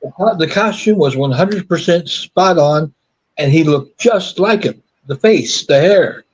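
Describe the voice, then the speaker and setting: A man's voice: on the high side, lively intonation, unhurried, slightly rough. A man in a casual movie chat, eagerly sharing film trivia. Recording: dull lo-fi sound.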